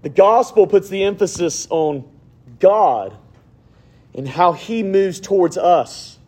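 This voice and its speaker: Man, pastor, sermon, fairly high voice, hushed prayer to emphatic preaching. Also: slow pace. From Alabama, USA.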